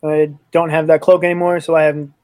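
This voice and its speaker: A man's voice: fairly high pitch, level tone, fast, a little mellow, dry recording. A man playing a character in a tabletop game, joking and eager in casual banter. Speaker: player.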